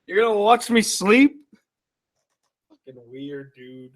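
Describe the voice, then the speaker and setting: A man's voice: high voice, expressive, slow. A tired, yawning man hosting a live chat, reading viewer comments and bantering back with loose, profane teasing. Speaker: YouTube channel host.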